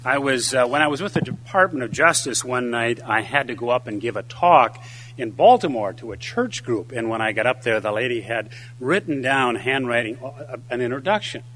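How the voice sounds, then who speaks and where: Animated older man speaking. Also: mid-range voice, moderate pace. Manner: storytelling, lively delivery. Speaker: conference speaker. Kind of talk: speech with anecdotes and a joke.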